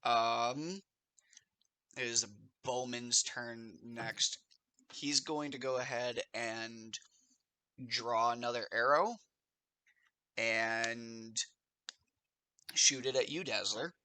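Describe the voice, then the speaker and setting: A man acting as game master of a tabletop game, unhurried and pausing to check his notes. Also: medium pitch, fairly even intonation, pushed and bright, no echo.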